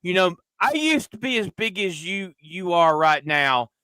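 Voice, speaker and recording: A podcast host tells a rowdy, profane story about his day. His voice sits high and bright, smooth and clear. It is recorded close on a dry mic. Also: a little slow, dry recording. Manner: loud, crude, animated storyteller, acting out quoted voices. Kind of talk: casual storytelling chat.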